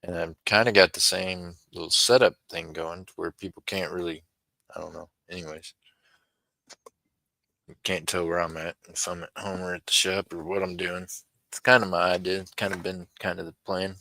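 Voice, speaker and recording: A man's voice: deep voice, little pitch movement, normal speed, creaky, bright, forceful tone, no room sound, low-quality recording. A man chatting casually on his own livestream, rambling and talking to viewers by name. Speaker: livestream seller.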